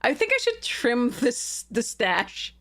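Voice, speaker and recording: A woman's voice: on the high side, very animated, slow pace, fairly bright tone. Bubbly, giggly woman streamer. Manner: bubbly and giggly, with frequent laughter; rambling, with many fillers and restarts. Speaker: streamer and content creator. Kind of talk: casual live-stream chat.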